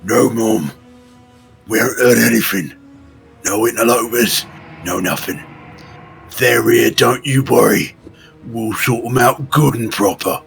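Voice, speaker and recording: A man voicing gruff male bugbear sons, brash thugs, in a tabletop game. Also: mid-range voice, unhurried, pauses often, fairly bright tone, faint music behind, pitched below the performer's own voice. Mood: reassuring.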